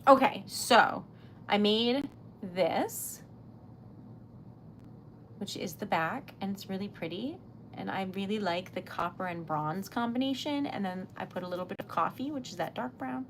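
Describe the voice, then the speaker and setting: A woman's voice: mid-range voice, lively intonation, a little slow, a bit bright, slight background noise. A young woman, chatting casually on a craft livestream, giggly and easily flustered as she thanks her chat. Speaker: livestream host.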